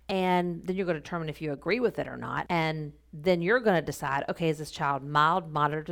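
A woman's voice: on the low side, gravelly. A woman speech therapist explaining clinical paperwork in a casual, instructional podcast talk, repeating her key points.

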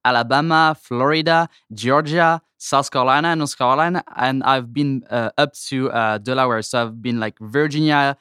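A man from France with a French accent, a guest sales representative in a podcast interview, speaking halting English and searching for words. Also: medium pitch, sharp tone, clean tone, no echo, clean studio sound.

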